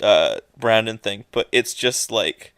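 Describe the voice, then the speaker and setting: A man talks casually on a podcast, stopping and restarting with plenty of fillers. His voice is smooth and resonant, and it sits close and dry on the mic. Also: fairly low pitch, fairly bright tone, no echo. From England. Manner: halting, full of fillers and restarts. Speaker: podcast co-host. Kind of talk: casual chat.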